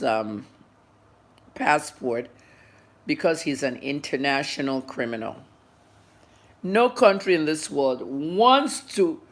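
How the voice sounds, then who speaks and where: A journalist in her fifties giving a livestreamed news update, blunt and scolding her viewers while she eats and talks. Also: low voice. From Nigeria. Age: 50s.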